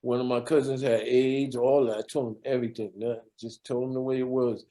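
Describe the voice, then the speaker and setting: An older man from New York telling his life story in an interview, lively and easily moved to emotion. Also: mid-range voice, brisk. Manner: lively storyteller who acts out quoted dialogue; gets emotional when speaking of his mentor. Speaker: interview guest.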